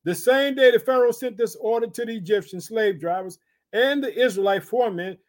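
A man's voice: high-pitched, fairly quick. A male preacher teaching from the Bible in a sermon, exhorting his listeners with frequent rhetorical questions and bursts of interjection. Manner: punctuates with interjections.

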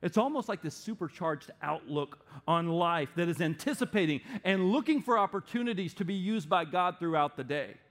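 A middle-aged man delivers a sermon with lively, animated energy. His voice sits fairly high for a man. He drops into playful quoted voices now and then. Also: moderate pace, few pauses. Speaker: pastor.

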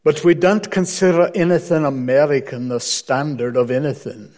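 A man voicing a stern older Scottish minister with a put-on Scottish accent, blunt and deadpan. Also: a little high, normal speed, lightly acted. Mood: dry.

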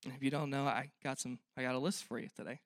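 A young pastor preaches a sermon in church, earnest and conversational, frequently posing questions to his listeners. His mid-range voice is fairly even and fast, captured in a dry, studio-quality recording.

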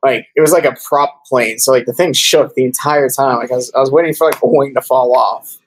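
A man's voice: medium pitch, a little fast, low-quality recording. Rambling casual-talking man. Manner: rambling, many fillers. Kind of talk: casual chat.

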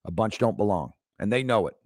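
A man's voice: lowish voice, expressive, fairly quick, dry recording, clean studio sound. Emphatic man in his fifties. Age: 50s. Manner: emphatic, repeats key phrases for effect. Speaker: leadership coach, podcast host. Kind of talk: motivational podcast monologue.

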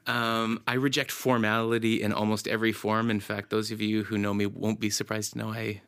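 A man on church staff talking about his prayer life in a relaxed, reflective podcast conversation. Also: on the low side, fairly quick, no echo, studio quality.

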